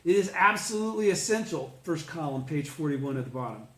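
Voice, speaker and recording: A man's voice: fairly high pitch, lively intonation, brisk. A man leading an informal religious study group, explaining a text, checking in with listeners and swearing casually. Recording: roomy echo.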